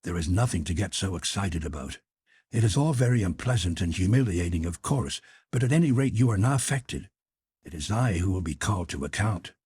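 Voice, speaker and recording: A level-headed woman speaking gently and persuasively, as a man puts her on. The voice stays low and husky, reasoning calmly rather than pleading, and it sits close and dry with no room around it. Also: a little fast, no echo, exaggerated voice. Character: composed grown woman, calm and persuasive.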